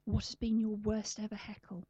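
A woman's voice: mid-range voice, completely flat delivery, moderate pace, warm tone, slightly rough, no echo. A woman interviewer asking questions in a casual, playful, teasing way. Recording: slightly muffled dry recording.

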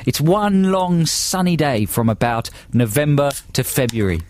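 Man putting on a mock Australian accent, chatty, tall-tale telling, lively. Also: a little high, a little slow, slight background noise. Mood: jokey. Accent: put-on Australian. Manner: tongue-in-cheek, storytelling.

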